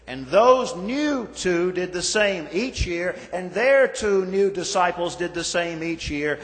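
A male pastor preaching a sermon, slow and measured, stressing lists of words with falling endings. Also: sits high, animated. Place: church sanctuary. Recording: reverberant church sanctuary.

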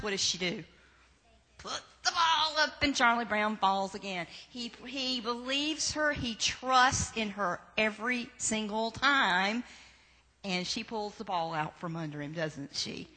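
A woman telling a story to children during a church service, animated and full of questions to them. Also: on the high side. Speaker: children's message leader. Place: church sanctuary. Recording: reverberant church sanctuary.

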